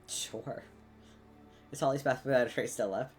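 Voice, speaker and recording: A woman's voice: rumbling low, normal speed, darkish tone, breathy edge, soft background music. A woman narrating a tabletop game as game master, hesitant, with many ums and likes.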